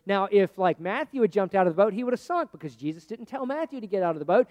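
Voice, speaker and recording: A man preaching a sermon in a conversational way, swinging between loud, pressing lines and hushed, quiet ones. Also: sits high, lively intonation, quick pace, long reverb tail. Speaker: pastor.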